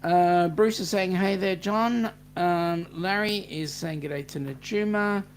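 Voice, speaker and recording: This Australian host speaks slowly in a high voice, with a bit of hiss or hum underneath. Running a laid-back live-stream, he chattily reads out comments from viewers and says g'day to each one by name.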